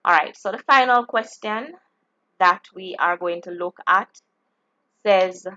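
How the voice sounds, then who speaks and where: A woman teaching a geography exam-prep lesson, explaining slowly and deliberately, often restarting her phrases. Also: mid-range voice, pushed and bright, highs cut off.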